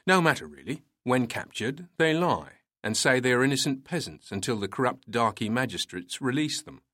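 A man's voice: medium pitch, lively intonation, measured pace, a bit bright, no echo, clean studio sound. A man voicing a boastful, seasoned colonial police officer who lectures his junior in proverbs. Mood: condescending.

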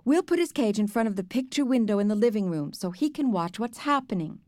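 A woman voicing a calm, reassuring mother speaking gently. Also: mid-range voice, fast talker, no room sound, close to an everyday voice.

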